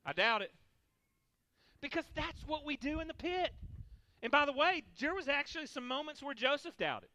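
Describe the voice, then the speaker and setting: A man's voice: extremely high pitch, animated, brisk, bright, forceful tone. A male pastor preaching a sermon, emphatic, repeating key lines for the congregation.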